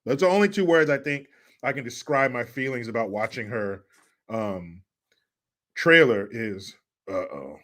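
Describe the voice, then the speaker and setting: A man's voice: mid-range voice, lively intonation, normal speed, fairly bright tone. A man hosting a live stream commentary show, mocking and profane and laughing often. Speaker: host.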